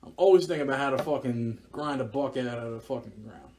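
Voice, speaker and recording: A man's voice: medium pitch, fast, darkish tone, a little hiss or hum. A young man with a Philadelphia accent, co-hosting a podcast in loose, profane casual chat and laughing often. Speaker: podcast co-host.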